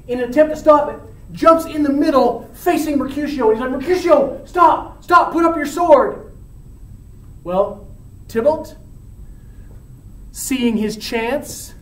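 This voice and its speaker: A male teacher retelling a story in a casual, animated way with slang. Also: sits high. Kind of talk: storytelling lesson. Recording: echoey room, mic at a distance.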